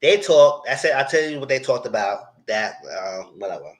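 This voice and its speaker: Animated man recapping a TV show. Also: medium pitch, normal speed, slight background noise. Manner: animated retelling, quoting characters in shifting voices. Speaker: TV recap host. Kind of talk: casual live recap commentary.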